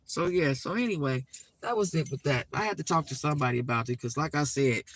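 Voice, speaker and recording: An older woman hosting a live stream, telling a story in an emphatic, animated way and swearing freely. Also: deep voice, fast, poor audio. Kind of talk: casual storytelling rant.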